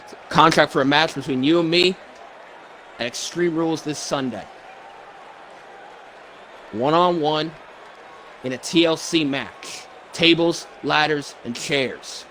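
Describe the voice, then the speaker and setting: A man voicing a weary, emotional male wrestler in a fan wrestling promo, talking in halting, stammering restarts. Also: a little high, a bit bright, some chatter behind, slight background noise. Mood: earnest. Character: weary, emotional male wrestler, middle-aged, soft-spoken. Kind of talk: wrestling promo role-play.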